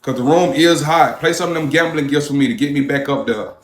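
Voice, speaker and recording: A man livestreaming, telling a story in an animated, profane way and thanking viewers for their gifts. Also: a little high, a little fast. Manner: animated, profane storytelling, shouting when worked up. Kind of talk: live-stream storytelling. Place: a hot room. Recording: roomy echo.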